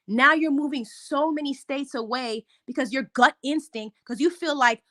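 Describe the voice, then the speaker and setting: A woman speaks close to her microphone in a casual recap vlog, with a somewhat high voice. She is opinionated and chatty, and talks as a mother reacting to a reality show. Her pitch jumps up sharply when something gets to her. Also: moderate pace, hardly any pauses, pushed and bright. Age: adult, a mother.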